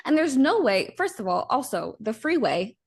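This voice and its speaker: A playful young woman co-hosts a chatty podcast and teases her partner. Her voice sits a little high and moves around a lot in pitch. She laughs readily. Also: big pitch swings, moderate pace, slightly rough. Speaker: podcast co-host. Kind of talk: casual chat.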